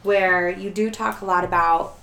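A woman's voice: medium pitch, fairly even intonation, a little slow, creaky, fairly bright tone. Woman host in an echoey room. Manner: encouraging, conversational questions. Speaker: podcast host. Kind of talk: interviewing a guest.

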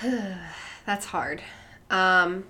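Low-voiced young woman, rambling and candid. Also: extremely slow, sharp tone. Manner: rambling, heavy with "like" and "um" fillers. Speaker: podcast guest. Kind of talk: candid personal conversation.

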